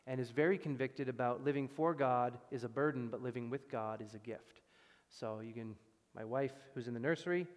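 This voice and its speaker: A man preaching a sermon as pastor, with emphatic loud stresses that drop to quiet, low passages. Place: church sanctuary. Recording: long reverb of a church hall.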